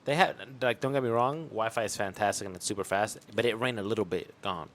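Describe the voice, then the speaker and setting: A young man co-hosting a podcast in casual chat, laid-back but quick to swear and flare up when something annoys him. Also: fairly low pitch, a bit bright, a little hiss or hum. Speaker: podcast co-host.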